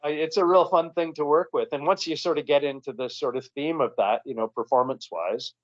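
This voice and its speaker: Canadian man, comedian guest, slightly high voice, loose rambling delivery, dull lo-fi sound. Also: a little fast. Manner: rambling, relaxed, frequent restarts. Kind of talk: casual interview chat. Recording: dull lo-fi recording.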